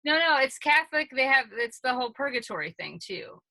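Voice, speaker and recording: A woman co-hosting a podcast, friendly and quick to laugh. Her voice is bright and a little high. It sounds dry and close to the mic. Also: big pitch swings, dry recording, rough recording. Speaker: podcast co-host. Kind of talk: casual interview chat.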